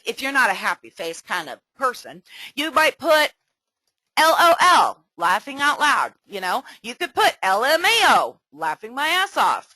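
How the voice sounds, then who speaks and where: A middle-aged woman coaching a webinar in a chatty, animated way with many fillers. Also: sits high, no room sound, low-quality recording. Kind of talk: casual webinar teaching.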